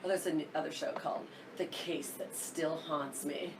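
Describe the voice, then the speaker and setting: A woman's voice: low-pitched, fairly even intonation, moderate pace, far from the mic, a little hiss or hum. Giggly woman co-hosting a casual chat. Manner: giggly, chatty, trails off in restarts. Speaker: podcast co-host.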